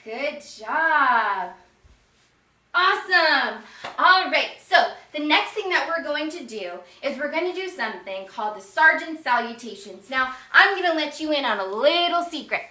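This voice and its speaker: A woman with a high, bright voice leads a children's yoga class, cheerful and encouraging as she calls out poses and animal noises for the kids to copy. She speaks slowly and clearly. The sound is echoey and picked up from some distance. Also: lively intonation. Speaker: yoga teacher.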